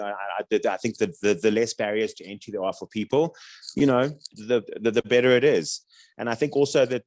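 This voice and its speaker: A man's voice: on the low side, a little mellow. A man with a South African accent, a voice-over artist and coach chatting in an interview, rambling with lots of restarts and fillers. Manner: rambling, chatty, many restarts and "you know what I mean". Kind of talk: casual interview chat.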